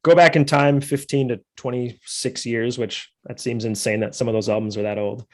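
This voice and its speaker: A man in his thirties hosting a podcast, chatting casually, laughing often and chiming in with quick affirmations. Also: medium pitch, fairly even intonation, a little mellow. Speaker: podcast host.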